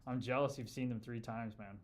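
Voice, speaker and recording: A man's voice: medium pitch, steady tone, fairly quick, a little hiss or hum. A man hosting a livestream in a casual, chummy way, reading viewer comments aloud and calling people brother and dude. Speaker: livestream host and former hockey player.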